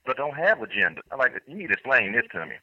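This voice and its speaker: A man's voice: mid-range voice, sing-song, fast talker, slightly rough, dry recording. A man calling in to a talk show, telling a rambling story with restarts and bursts of laughter. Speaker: caller. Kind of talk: call-in storytelling. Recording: dull lo-fi phone line.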